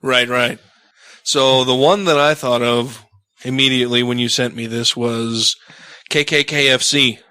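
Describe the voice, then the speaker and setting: A man co-hosting a casual podcast, ranting with lots of profanity and animated jabs. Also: medium pitch, unhurried, clean tone, no echo. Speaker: podcast co-host. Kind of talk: casual chat.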